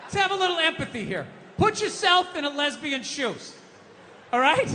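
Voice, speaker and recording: High, bright-voiced man ranting on stage. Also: big pitch swings, normal speed. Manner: ranting, profane, building to shouted punchlines. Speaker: stand-up comedian. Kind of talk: stand-up comedy set. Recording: live hall reverb, faint background noise.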